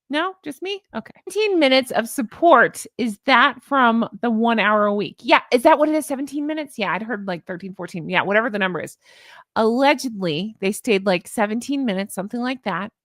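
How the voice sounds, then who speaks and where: A woman's voice: a little high, lively intonation, a little fast, fairly bright tone, no echo, studio quality. A woman hosting a casual commentary vlog, sarcastic and exasperated as she rants. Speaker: YouTube commentary host.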